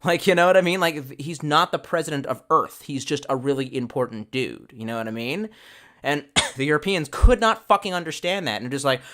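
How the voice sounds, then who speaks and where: Bright and forceful, his fairly high voice moving fairly quickly, a man runs a casual livestream. He reads comments from viewers, rambles, curses freely and keeps restarting his thoughts.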